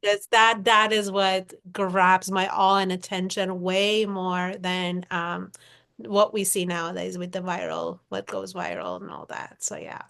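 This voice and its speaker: A woman hosting a podcast interview, warmly affirming her guest and asking reflective questions. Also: lowish voice, measured pace, creaky. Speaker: podcast host. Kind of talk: casual interview chat.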